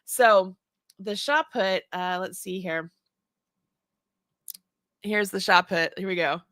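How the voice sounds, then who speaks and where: A woman's voice: medium pitch, takes it slowly, a bit bright, a little hiss or hum. A woman in her forties hosting a casual chat show, talking in a rambling way with many restarts and laughs. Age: 40s. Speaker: host.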